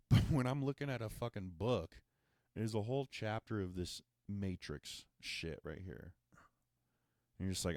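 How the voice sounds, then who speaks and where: A man's voice: lowish voice, slow, long pauses, a little mellow, dry recording, clean studio sound. A man hosting a podcast, telling a sarcastic, profane and exasperated comedic monologue. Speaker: podcast host.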